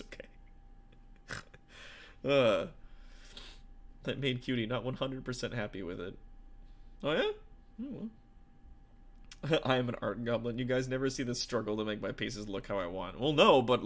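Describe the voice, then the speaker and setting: A man's voice: mid-range voice, a bit bright. A man, a tabletop game master and streamer, chatting casually with viewers in a rambling, profane way full of fillers.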